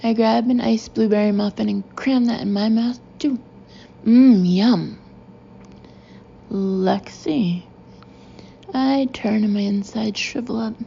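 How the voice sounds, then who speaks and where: A woman reads a first-person novel aloud, expressive and full of indignation. Her voice is mellow and carries a gravelly edge, with a slightly muffled, dull sound to the recording. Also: a little high, a little hiss or hum. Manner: expressive, acting out the narrator's indignation. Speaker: audiobook narrator. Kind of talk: first-person audiobook narration.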